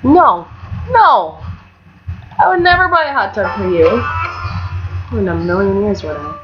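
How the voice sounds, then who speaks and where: A young woman giving casual, chatty commentary on her own gameplay, swinging between mock outrage and excited squeals. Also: mid-range voice, measured pace, long pauses, music in the background. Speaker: gamer narrating her let's play. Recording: dull lo-fi home mic with faint hiss.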